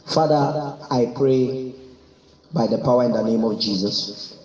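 A man's voice: medium pitch, a little slow, a little mellow, slight background noise. A man pastor leading prayer at a service, fervent and repetitive, giving commands in prayer. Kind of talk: sermon and prayer at a live service. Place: church service, speaking online too. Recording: muffled, roomy recording with music behind.

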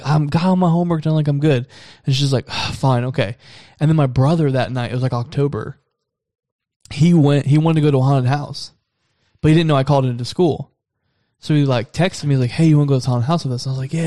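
A man's voice: mid-range voice, dark tone, dry recording, studio quality. A young man telling stories in casual chat, swearing and acting out quotes. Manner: swearing, storytelling with acted-out quotes.

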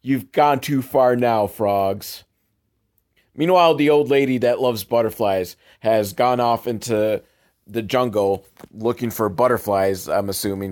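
A young man giving sarcastic, deadpan commentary on a film, exasperated and swearing, with sudden loud outbursts. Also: lowish voice. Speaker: host riffing on a film.

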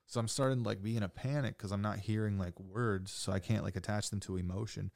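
A young man telling a wild story in casual chat, saying "like" a lot and swearing freely, getting animated. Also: on the low side, fast, vocal fry, dry recording, clean studio sound. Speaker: podcast guest.

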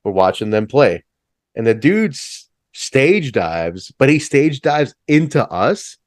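A middle-aged man in a band, telling stories in a casual chat. He is laid-back, swears freely, says "like" a lot and jumps higher when he acts out a story. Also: very animated, slow, no room sound, clean studio sound. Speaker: band musician, interview guest.

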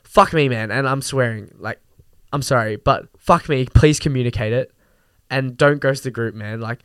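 A young man hosting a podcast goes on a casual, animated rant, full of fillers and laughs and some swearing. His voice is medium-pitched and smooth at a moderate pace, with no room sound.

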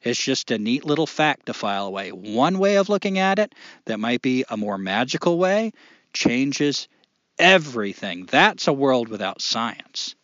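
A man talking in a casual conversation, emphatic and blunt, swearing and pausing deliberately. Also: mid-range voice, sing-song, fairly bright tone, dry recording. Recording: dull dry lo-fi sound.

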